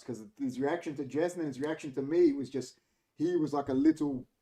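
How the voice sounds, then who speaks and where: Animated Australian man telling a story. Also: on the high side, brisk. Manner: animated storytelling, acts out quotes. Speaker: podcast host. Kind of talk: casual chat.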